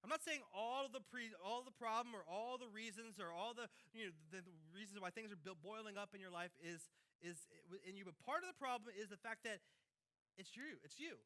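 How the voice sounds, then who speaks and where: A man preaching a sermon as pastor, repeating phrases with sudden loud peaks and quiet drops. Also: high-pitched, fairly quick.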